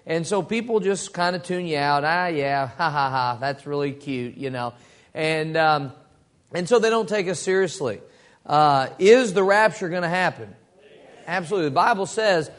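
A man teaching a Bible study to a group, folksy and storytelling, asking the room questions. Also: a little high. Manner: folksy storytelling with acted quotes.

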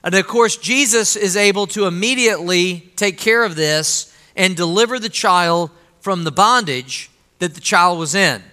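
Man preaching in a church, clear high voice with a long hall reverb; conversational, full of rhetorical questions. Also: a little slow, few pauses, sharp tone. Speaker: pastor. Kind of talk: sermon. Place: church sanctuary.

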